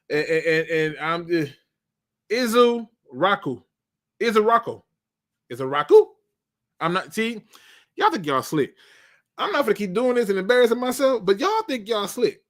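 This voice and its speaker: A man hosting a live football draft stream in casual, joking speech. His voice sits high and jumps all over the place. The tone is bright and sharp. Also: normal speed. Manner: animated, joking, colloquial. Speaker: sports show host.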